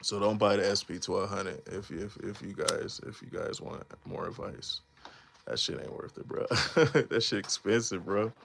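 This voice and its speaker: A relaxed man in his thirties talks through a casual live stream, voice low and gravelly. He rambles in easygoing slang and breaks into laughter now and then. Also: moderate pace, a little hiss or hum. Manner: laid-back slangy rambling, laughs often. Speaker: beatmaker streamer.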